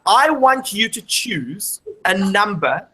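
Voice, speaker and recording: A woman's voice: mid-range voice, big pitch swings, slow, bright, forceful tone, breathy edge, low-quality recording. A woman presenting a live maths show to a classroom of children, explaining step by step and quizzing the class as she goes.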